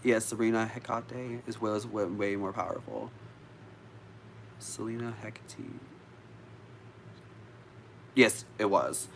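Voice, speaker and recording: Man, casual live vlog, rambling, swears casually, low-pitched. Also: moderate pace, creaky, hardly any pauses, fairly bright tone, slight background noise. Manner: chatty, easily distracted, swears casually. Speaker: witchcraft vlogger. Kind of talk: casual chat with live viewers.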